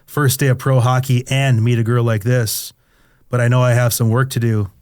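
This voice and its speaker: A man's voice: mid-range voice, little pitch movement, normal speed, darkish tone, no room sound, studio quality. A middle-aged man reading his own memoir aloud in the first person, candid and crude in a confessional tone.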